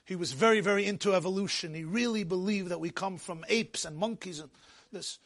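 A man teaching a Torah class, animated and joking, mixing Yiddish and Hebrew words into his English while telling stories. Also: sits high, fairly quick. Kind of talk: lecture with storytelling.

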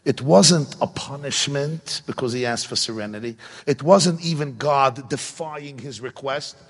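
Animated male preacher in a reverberant hall. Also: mid-range voice, a little slow, slightly rough. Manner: animated, rhetorical questions, chuckles. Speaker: Torah teacher. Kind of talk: sermon-style Torah class.

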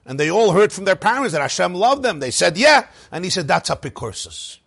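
A man teaching a lively Torah class, asking rhetorical questions and chuckling at his own points. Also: sits high, brisk, vocal fry, husky, no echo.

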